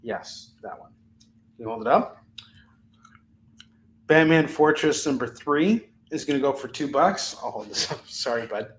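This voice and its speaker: A man's voice: mid-range voice, expressive, measured pace, long pauses, slight background noise. A middle-aged man hosting a live comic book sales stream at home, joking and chatting off the cuff. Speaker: host and comic book seller. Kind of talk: live shopping stream chat. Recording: roomy echo, a little far from the mic.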